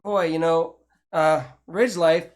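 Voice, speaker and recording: A man's voice: fairly high pitch, steady tone, slow. An older man, hosting a casual chat show and talking in a rambling, chatty way with frequent restarts. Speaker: host.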